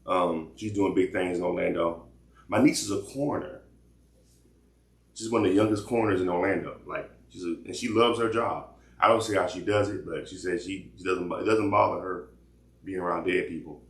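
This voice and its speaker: Man, very low voice, casual rambling commentary host, roomy echo. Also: normal speed. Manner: loose rambling talk with repeated restarts.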